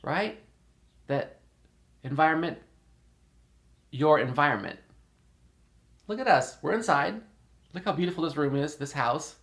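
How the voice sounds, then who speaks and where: A man's voice: a little high, animated, unhurried, pauses often, a bit bright. A man talking casually and rambling at home, repeating himself and laughing often. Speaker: podcast host. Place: indoors in a house.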